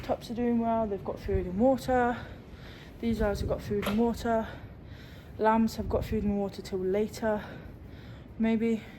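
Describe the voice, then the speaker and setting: A woman's voice: on the high side, steady tone, measured pace, mellow, a little hiss or hum. A woman, a sheep farmer, chatting casually with lots of ums while doing her chores outdoors. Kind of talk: casual farm vlog chat. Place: outdoors on a farm.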